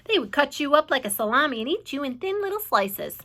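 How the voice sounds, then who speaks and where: Woman doing a loud brash storybook centipede. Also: high voice, very animated, fairly quick, exaggerated voice. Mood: gloating. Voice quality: brash shouting. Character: boastful rude male centipede, loud.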